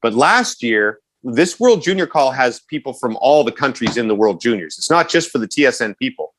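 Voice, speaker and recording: With slight background noise behind him, a mid-range male voice at normal speed co-hosts a podcast, laughing often as he tells lively stories in casual chat.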